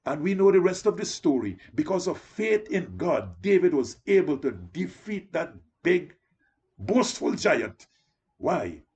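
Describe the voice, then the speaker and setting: A man's voice: on the high side, big pitch swings, measured pace, a little mellow, slightly rough, highs cut off. A man preaching an evangelistic sermon, pleading with listeners and often calling them "beloved.".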